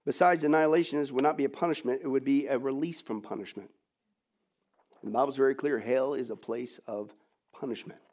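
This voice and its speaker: A man preaching a sermon, swinging between hushed, near-whispered lines and loud, emphatic ones, and asking the audience rhetorical questions. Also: mid-range voice, fairly quick. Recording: dull lo-fi recording.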